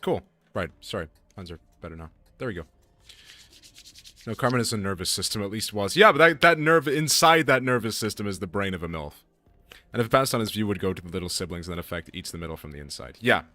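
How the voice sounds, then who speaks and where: A male game streamer in a loose, joking chat with his viewers. He swears freely and keeps things casual. His voice sits very low. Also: sing-song, fast, pushed and bright, no room sound. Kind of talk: casual gaming stream commentary.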